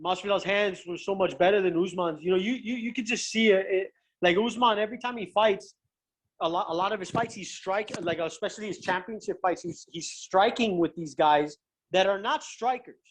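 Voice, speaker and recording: A young man with a notably high-pitched voice, talking as a guest fighter in loose, animated conversation. He swears freely and trips over his own restarts as he tells his stories. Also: fairly quick. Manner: profane, animated, stumbling restarts. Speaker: guest, pro MMA fighter. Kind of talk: casual chat, storytelling.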